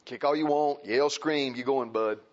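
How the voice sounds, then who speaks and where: A man preaching a sermon in a folksy, impassioned way. He repeats phrases and swings between loud and soft. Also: mid-range voice, normal speed, dull audio.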